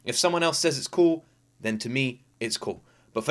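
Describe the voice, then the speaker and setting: A young British man from the UK, chatting excitedly as a reaction video host, quick to laugh and full of fillers. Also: medium pitch. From United Kingdom. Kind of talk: casual reaction commentary.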